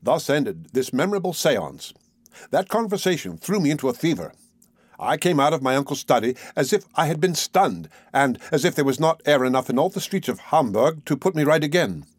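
A man reading a classic novel aloud in a measured, expressive way. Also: a little high, slightly rough, dry recording. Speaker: audiobook narrator. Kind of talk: scripted narration of a classic novel.

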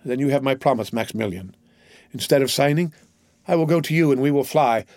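A man voicing a devout, torn young woman who pleads with her lover, read in an earnest, measured way. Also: mid-range voice, darkish tone, dry recording, clean studio sound, natural voice. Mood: resolved. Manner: earnest, imploring, measured reading. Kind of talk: audiobook character reading.

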